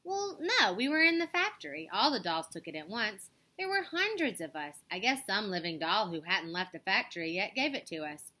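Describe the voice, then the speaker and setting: A woman voicing an excitable, fearless young girl doll in a storybook reading, with a wide-eyed manner. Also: medium pitch, moderate pace, few pauses. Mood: excited.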